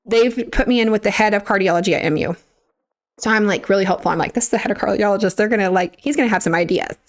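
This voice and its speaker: A young woman guest on a podcast tells her story with animated energy and sometimes acts out what other people said. Her voice sits at an average pitch for a woman. She keeps it conversational and personal. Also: racing. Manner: animated retelling, acting out others' words with laughs.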